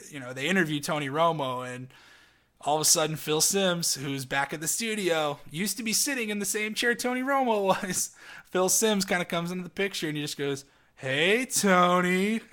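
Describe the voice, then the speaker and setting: A man's voice: a little high, sharp tone. A man hosting a casual solo sports podcast from home, chatty and opinionated, laughing often as he talks. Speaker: podcast host. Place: home, dog barking outside.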